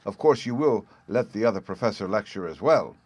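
A man's voice: lowish voice, expressive, fairly quick, slightly rough. A man voicing an imperious, huge noblewoman who speaks harshly and overbearingly. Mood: lofty. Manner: loud and overbearing.

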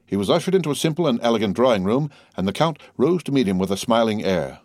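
An audiobook narrator with a mid-range voice reads a classic novel in a measured, even storytelling manner. The scripted narration has a dry recording with clean studio sound.

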